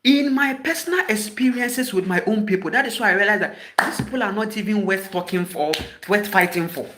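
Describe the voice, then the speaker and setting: A Ghanaian man, a spiritual teacher, gives a passionate, scolding talk, hammering his message with one sharp rhetorical question after another. His voice sits high and moves fairly quickly.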